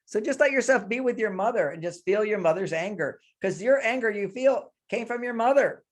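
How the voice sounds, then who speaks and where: Man, emotional coach, emphatic, speaks anger aloud, fairly high voice. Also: animated, a little fast. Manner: emphatic, voices anger in the first person to demonstrate. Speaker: guest coach leading an anger exercise.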